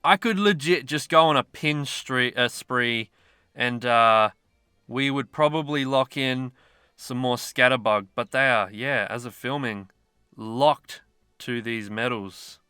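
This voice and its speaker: A man talks through a mobile game in a loose, rambling, self-mocking way. His voice is bright and forceful with a smooth, resonant clarity. The sound is dry and close. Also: medium pitch, slow, no echo. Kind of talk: casual gameplay commentary.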